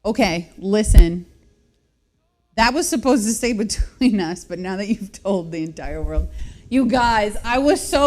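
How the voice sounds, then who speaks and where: Chatty woman radio host telling a story. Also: medium pitch. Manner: chatty, self-mocking, laughs often. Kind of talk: casual radio chat, storytelling.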